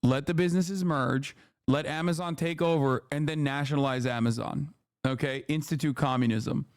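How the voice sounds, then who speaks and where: A fairly high-voiced man from the United States rants about politics on his live stream, swearing freely and mocking people with quick impressions. His voice is recorded dry and close to the mic, with no room sound. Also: fairly even intonation, no echo. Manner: profane, sarcastic, mocking impressions. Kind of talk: live-stream reaction commentary.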